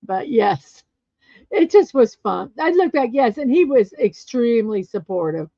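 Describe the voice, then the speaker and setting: A chatty woman hosts a casual live show, trading stories with viewers and laughing often. Her voice sits a little high. The sound is dull and lo-fi, with a dry, close feel. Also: sing-song, a little slow, warm tone, no echo. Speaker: livestream show host. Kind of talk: casual chat reading viewer comments.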